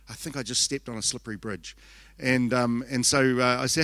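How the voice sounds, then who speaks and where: A man's voice: medium pitch, fairly quick, fairly bright tone, no room sound. A middle-aged pastor tells a conference story. He rambles and acts out the quotes with self-mocking asides. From New Zealand.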